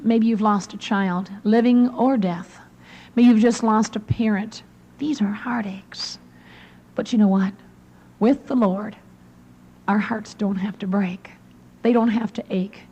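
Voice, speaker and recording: A young adult woman giving an earnest devotional talk to women, often dropping to a soft near-whisper for emphasis. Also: a little high, poor audio. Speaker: women's conference speaker.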